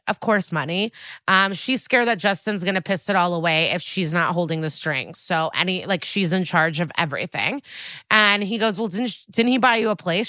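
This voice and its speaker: A woman co-hosting a podcast, casually recapping a TV episode and quoting characters in lively bursts. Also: fairly low pitch, no echo, studio quality. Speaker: podcast co-host.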